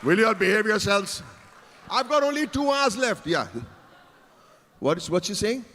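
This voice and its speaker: High-voiced teasing keynote speaker. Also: male voice, expressive, moderate pace, pushed and bright, a faint crowd. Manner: playful, teasing the audience. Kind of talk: conference keynote speech. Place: large conference hall stage. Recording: reverberant conference hall.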